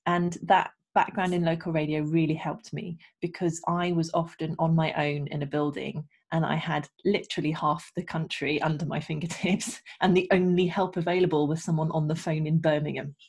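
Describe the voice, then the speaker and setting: Low husky woman telling her story. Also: moderate pace, few pauses. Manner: animated storyteller, laughs often. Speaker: guest, radio producer and engineer. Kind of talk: casual interview chat.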